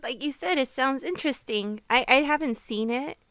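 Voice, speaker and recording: A woman's voice: high-pitched, normal speed, a bit bright, no room sound. A woman on a podcast panel chatting in a friendly, light way. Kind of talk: casual chat.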